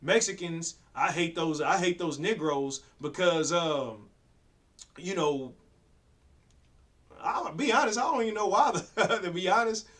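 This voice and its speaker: A man in a class asking hesitant, halting questions, heard from some distance from the microphone. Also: sits high, expressive, a bit bright. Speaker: class participant. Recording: far from the mic.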